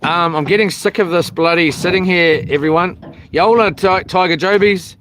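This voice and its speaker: A man's voice: high voice, normal speed, a bit bright, slight background noise. A man, rambling and joking to his live chat from a small boat while fishing, with lots of ums. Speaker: fishing livestreamer.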